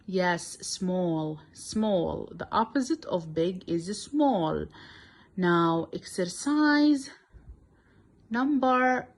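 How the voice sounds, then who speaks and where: With a lowish voice and lively intonation, an Arabic-speaking woman teaches English to small children. She speaks deliberately and repeats words so beginners can follow.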